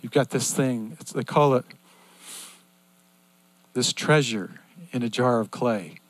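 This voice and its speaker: An older man preaching a sermon in an earnest, repetitive cadence that swings between loud and hushed. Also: mid-range voice, slow pace, no room sound.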